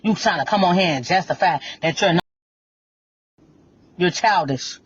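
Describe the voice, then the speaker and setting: A woman's voice: lowish voice, moderate pace, slightly rough, lo-fi sound. Blunt woman ranting on a phone livestream. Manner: blunt, repetitive, confrontational. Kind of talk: heated livestream rant.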